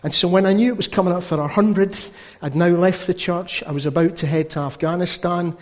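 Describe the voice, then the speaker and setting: A man's voice: sits high, fairly even intonation, brisk. A man preaching a sermon as pastor, telling stories with asides. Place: church hall. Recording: dull sound with long hall reverb.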